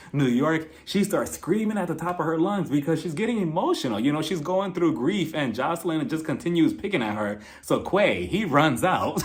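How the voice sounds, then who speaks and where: A man with a slightly higher voice recaps a reality TV episode in a loose, chatty way. He is expressive and opinionated, and he leans on fillers like "like" and "you know". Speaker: reality TV reviewer. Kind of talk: casual recap commentary.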